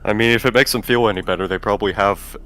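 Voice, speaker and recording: Low-voiced man chatting on stream. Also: steady tone, very fast, sharp tone. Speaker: mod developer guest. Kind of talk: casual chat.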